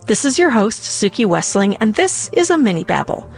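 A woman hosting a podcast, reading scripted narration with a measured, clear delivery. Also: medium pitch, very animated, faint music behind. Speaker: podcast host.

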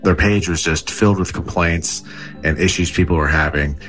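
Man, comedian, interview, very low voice, relaxed, amused, soft music. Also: moderate pace. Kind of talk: casual interview talk.

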